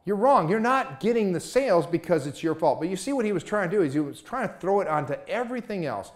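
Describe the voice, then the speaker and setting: Animated man with a high, lively voice. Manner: emphatic, rhetorical questions. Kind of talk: motivational talk.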